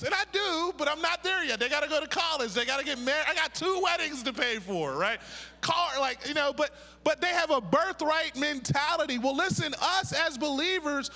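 A middle-aged preacher from Pittsburgh with a very high, bright, ringing voice, giving a lively sermon full of jokes. He keeps calling on the congregation to repeat key words back to him. A long reverb trails his words through the church hall. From Pittsburgh, USA. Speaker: pastor and prophet. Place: church sanctuary.

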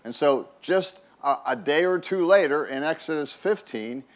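A man's voice: fairly high pitch, lively intonation, moderate pace. A man preaching a conversational sermon as a pastor, folksy and chatty, often repeating words and checking in with "right?".

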